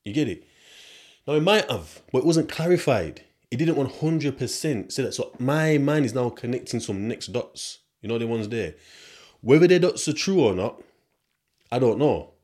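Speaking at a moderate pace in an expressive, mid-range voice with a darkish tone, a young UK podcast host tells a rambling story. It's a chatty monologue in street slang, dotted with asides to listeners.

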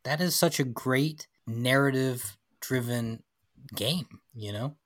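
A man's voice: medium pitch, slow pace, fairly bright tone. A man co-hosting a podcast in casual chat, agreeable, often repeating himself and restarting. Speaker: podcast co-host.

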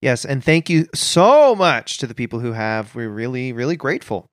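A man's voice: medium pitch, big pitch swings, normal speed, no echo. Dry, teasing male podcast co-host. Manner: dry, teasing, bluntly boastful. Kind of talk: improvised comedy banter.

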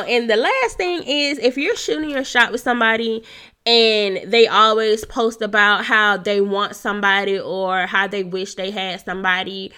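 Young woman host, stuffy nose, relaxed chatty advice with frequent laughs and "you know"s; crisp bright tone. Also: medium pitch. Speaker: podcast host giving dating advice. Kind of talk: casual solo talk.

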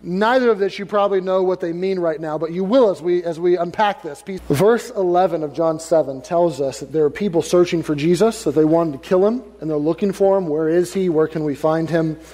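A man's voice: a little high, brisk, few pauses, warm tone, in a large hall. A male pastor preaching a sermon, reading scripture aloud and then paraphrasing it in casual everyday words. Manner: reads King James verses, then paraphrases them in casual modern speech.

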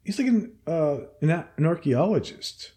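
A man's voice: fairly high pitch, lively intonation, a little slow, warm tone. Offhand joking man hosting a podcast. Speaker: podcast host. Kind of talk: casual chat.

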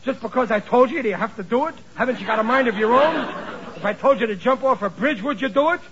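A man's voice: very high voice, fast, crowd noise. An actor playing a blustering, flustered working-class father who talks in bad grammar, in a 1940s radio sitcom with a muffled old broadcast sound. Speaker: sitcom lead.

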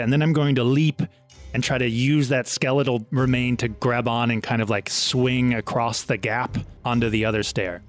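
A man playing a character in a tabletop game, who talks in an animated, flustered way. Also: medium pitch, normal speed, soft background music. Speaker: player.

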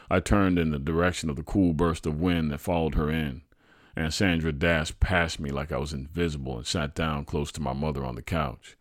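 A man hosting a podcast, reading a true family story aloud in an expressive, animated way. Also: a bass voice, no room sound, studio quality. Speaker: podcast host and narrator.

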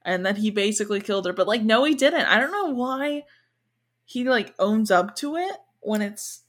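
A woman with an everyday, mid-range voice. She co-hosts a podcast and chats casually, musing out loud and peppering her talk with "like" and "you know.". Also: mid-range voice, lively intonation, moderate pace. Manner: chatty, filler-heavy, speculative. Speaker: podcast co-host. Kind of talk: casual recap chat.

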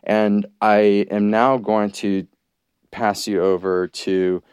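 A low-pitched man talks through his podcast in an unscripted, meandering monologue, restarting phrases and filling pauses. The recording is close and dry, with no room sound. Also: flat delivery, a little mellow, clean tone, no echo. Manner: rambling, with many restarts and fillers. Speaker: podcast host. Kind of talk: casual monologue.

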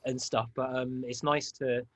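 An English man chatting casually as a guest, a lively storyteller who slips into comic voices. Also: mid-range voice, measured pace, dry recording. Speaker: DJ and producer guest. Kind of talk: casual podcast chat.

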